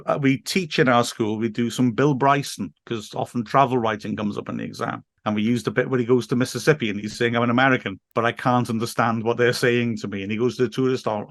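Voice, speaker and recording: A man's voice: mid-range voice, no room sound. English guy chatting on a podcast, rambly, laughs a lot, dry mic sound. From England. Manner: chatty, digressive, laughs often. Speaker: teacher and football guest. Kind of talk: casual podcast chat.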